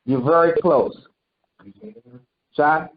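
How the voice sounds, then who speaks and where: High-voiced man preaching conversationally. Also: very slow. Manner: animated, quizzes listeners and acts out quotes. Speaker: preacher teaching a congregation. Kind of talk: conversational sermon teaching. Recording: dull lo-fi recording.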